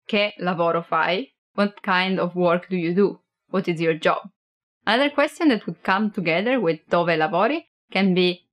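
A young woman from Italy with an Italian accent, teaching a beginner language lesson and explaining each phrase slowly with plenty of examples. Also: mid-range voice.

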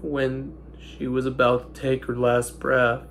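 A young man in his twenties, speaking in halting, broken sentences while holding back tears, his nose stuffy. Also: mid-range voice, completely flat delivery, slight background noise. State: stuffy-nosed. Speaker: vlogger. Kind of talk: emotional personal monologue.

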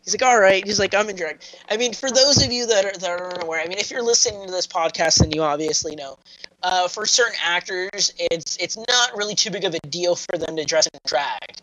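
A man's voice: high-pitched, a little fast, a bit bright, low-quality recording. A man co-hosting a casual review podcast, rambling through plot recaps with lots of fillers. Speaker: podcast co-host.

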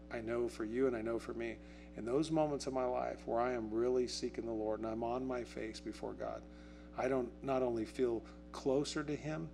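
Conversational pastor with soft guitar behind. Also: male voice, mid-range voice, creaky. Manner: conversational, asks the congregation questions; acts out quotes in a raised, excited voice. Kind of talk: sermon. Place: church.

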